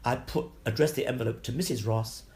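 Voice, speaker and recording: An older man, a guest actor, telling anecdotes in an interview, lively, swearing freely and laughing between stories. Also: medium pitch, brisk, gravelly.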